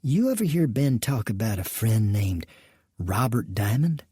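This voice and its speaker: A man's voice: on the low side, very animated, measured pace, dark tone, breathy edge, no echo, studio quality, heavily acted. A man voicing a gracious, courteous woman who co-owns a saloon in an audiobook western.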